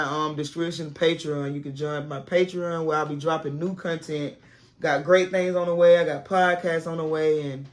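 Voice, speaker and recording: A former teacher turned content creator offers casual, plainspoken advice directly to camera from a classroom set in her home. She has a low voice.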